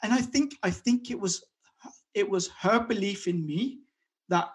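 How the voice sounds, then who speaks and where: A man, a guest talking openly in an interview, often repeating and restarting words and acting out what others said. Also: high-pitched. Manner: halting, repeats words, acts out quotes. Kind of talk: conversational interview.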